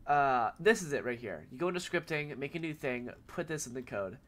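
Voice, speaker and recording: A man who is sick with a cold, speaking in a nasal voice and giving a rambling, filler-filled software tutorial. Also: medium pitch, expressive, fairly quick. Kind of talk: casual screen-recorded tutorial.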